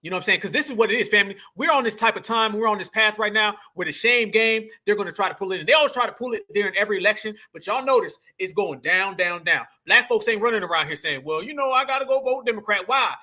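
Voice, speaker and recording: A man's voice: high voice, fast, hardly any pauses, sharp tone. A man hosting a political commentary show, ranting emphatically in slangy speech and calling his viewers family.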